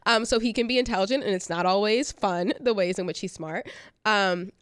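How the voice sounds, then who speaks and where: A woman's voice: mid-range voice, brisk, clear, resonant tone, no room sound, studio quality. A middle-aged woman co-hosting a casual chat, telling family stories in a chatty, filler-heavy way. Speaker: co-host.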